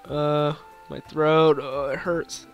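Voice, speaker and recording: A man's voice: a little high, level tone, slow pace, highs cut off, soft background music. A young man with a sore throat giving hyper, giggly, crude gameplay commentary, rambling on. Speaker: gaming YouTuber.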